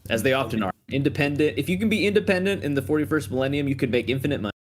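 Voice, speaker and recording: Man, tabletop player, casual and dry-witted, animated pitch. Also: rapid-fire. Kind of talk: casual chat, adding lore asides.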